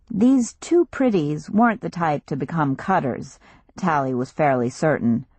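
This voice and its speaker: A woman narrating an audiobook in a steady, measured reading voice, recorded on a close studio mic. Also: deep voice, no echo.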